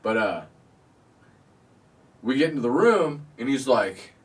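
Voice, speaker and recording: A man tells a rambling story on a casual podcast, swearing freely and breaking into laughs. His pitch sits in the middle of the male range. He sounds a bit distant from the mic. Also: big pitch swings, slow pace, long pauses. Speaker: podcast host.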